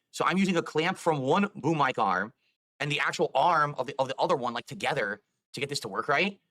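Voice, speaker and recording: A man talks quickly with a bright, forward tone and explains himself at length, rambling and defensive. He sounds like a streamer chatting live, and his voice sits close and dry with no room sound. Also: mid-range voice, dry recording. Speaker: video game streamer.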